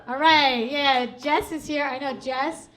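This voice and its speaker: A woman's voice: high-pitched, steady tone, measured pace, noisy background. A woman hosting a comedy club stage, doing chatty, self-mocking stand-up and working the crowd on a handheld mic.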